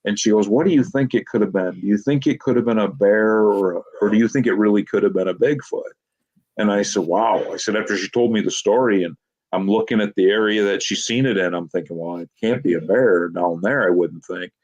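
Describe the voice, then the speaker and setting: A man's voice: fairly low pitch, a little fast, a little mellow, highs cut off. A man being interviewed as a Bigfoot investigator, telling long rambling anecdotes and quoting people with "she goes.". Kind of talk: casual storytelling interview.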